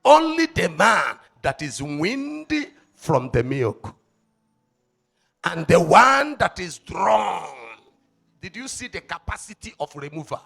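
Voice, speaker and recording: A Nigerian man preaches a fervent sermon in a strikingly high, bright and forceful voice with a gravelly edge. He swings between shouted declarations and quiet asides, and keeps pressing the congregation with rhetorical questions. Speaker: evangelist.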